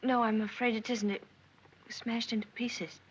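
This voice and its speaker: A young actress playing a shy, timid wife who stammers and apologizes in a 1940s film. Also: female voice, a little high, fairly quick, fairly bright tone, lightly acted. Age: young adult. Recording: hissy, dull 1940s film soundtrack.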